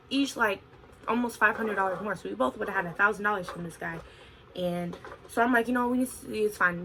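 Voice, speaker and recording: Young woman vlogger, bright tone, animated storytime delivery, faint room hum. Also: mid-range voice, rough recording. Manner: animated, expressive retelling with frequent "like". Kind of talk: casual storytime vlog.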